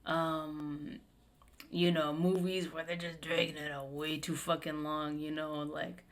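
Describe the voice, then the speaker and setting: A woman's voice: low voice, little pitch movement, unhurried. A young adult woman hosting a podcast in casual chat, emphatic, swearing often and full of fillers. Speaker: podcast host.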